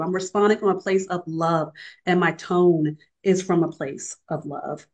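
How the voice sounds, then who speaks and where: A woman's voice: fairly low pitch, fairly even intonation, unhurried, darkish tone, low-quality recording. A middle-aged woman on a faith-based panel, sharing candid, reflective thoughts in a conversational discussion.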